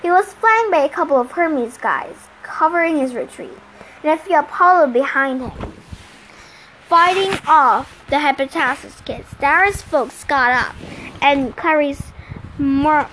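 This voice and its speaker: A woman with a high voice reads a novel aloud in the first person and now and then restarts a phrase. It sounds like a home reading, with a faint hum underneath. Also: lively intonation, measured pace, fairly bright tone, low-quality recording. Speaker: reader.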